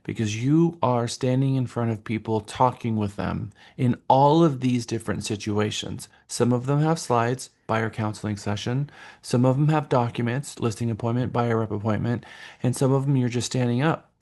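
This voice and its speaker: A man's voice: mid-range voice, moderate pace, darkish tone. A man leading a live real estate workshop and giving instructions to participants, talking in a directive, stop-and-start way with fillers.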